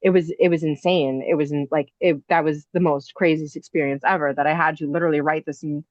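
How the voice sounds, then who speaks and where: A woman's voice: low-pitched, steady tone, fast, no echo. A woman, an inn owner and podcast guest, telling a personal ghost story in a breathless, rambling way full of "like" and "you know". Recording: dull, dry lo-fi audio.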